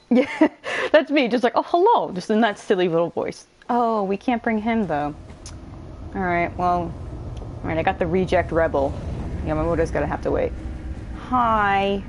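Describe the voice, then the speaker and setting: A woman talks through a video game in a relaxed, chatty way, breaking off to curse at enemies. Her voice sits a little on the low side. A faint hiss of background noise runs under the recording. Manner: chatty, swears freely, laughs often, jumps between the story and the gameplay. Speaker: gamer playing on video. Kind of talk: casual let's-play commentary.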